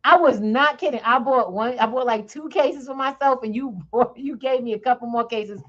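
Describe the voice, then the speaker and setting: A woman hosting a podcast, telling a story in a lively, chatty way and laughing often. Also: on the high side, moderate pace, highs cut off. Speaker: podcast host. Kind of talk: casual chat, storytelling.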